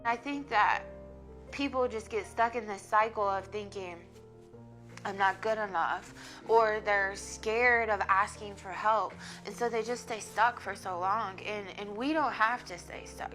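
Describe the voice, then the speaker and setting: Bright, heartfelt woman. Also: mid-range voice, fairly even intonation, a little slow, soft background music. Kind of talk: documentary interview.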